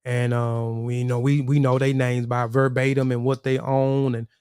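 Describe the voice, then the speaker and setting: A man's voice: medium pitch, level tone, normal speed, a little mellow, smooth, no room sound, studio quality. A man hosting a casual livestream, rambling, repeating words and talking to viewers in the chat. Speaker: livestream host.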